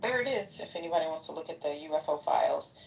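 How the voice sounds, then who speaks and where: A woman's voice: deep voice, expressive, fast, vocal fry, distant mic, dull audio, slight background noise. A woman in her fifties chatting casually, rambling and joking as she gossips. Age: 50s. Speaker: participant in a live audio chat. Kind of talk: casual chat.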